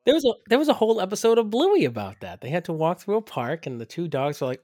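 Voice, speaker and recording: A man's voice: high voice, big pitch swings, quick pace, few pauses, darkish tone, no echo, studio quality. A man on a podcast chatting animatedly, full of quips and exclamations. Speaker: podcast co-host. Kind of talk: casual chat.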